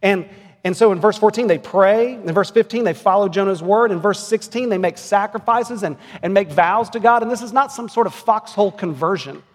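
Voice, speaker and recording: A man's voice: high-pitched, brisk. A man in his forties preaching a sermon as pastor, earnest and building to emphatic peaks. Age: 40s. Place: church sanctuary. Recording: long reverb of a church hall.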